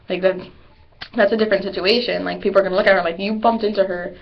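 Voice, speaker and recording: A woman's voice: mid-range voice, fairly even intonation, fast talker, gravelly. A teenage girl who is a cheerleader, talking casually to her webcam in a rambling way, repeating herself and acting out what other people say. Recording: dull lo-fi webcam audio.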